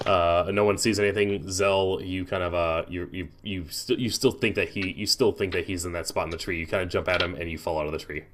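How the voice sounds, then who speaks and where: Lower-voiced man running a tabletop game. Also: fairly even intonation, fairly quick, few pauses, a bit bright, slight background noise. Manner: hesitant, many restarts. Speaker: game master.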